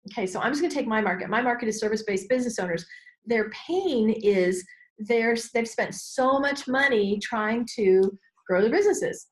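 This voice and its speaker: A middle-aged woman speaks as a guest coach in an interview, her voice sitting a bit high. She talks expressively and acts out her inner voices, sometimes jumping to sudden high exclamations. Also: lively intonation, moderate pace. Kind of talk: animated interview talk.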